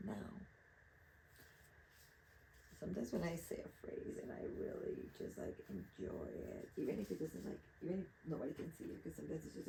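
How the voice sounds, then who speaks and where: A young woman whose first language is Spanish muses aloud, candid and self-reflective, as she paints outdoors at night. Her voice sits low and carries a gravelly fry with a mellow tone. A faint hiss of noise hangs under the recording. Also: low-quality recording. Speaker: artist. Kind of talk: casual talk while painting.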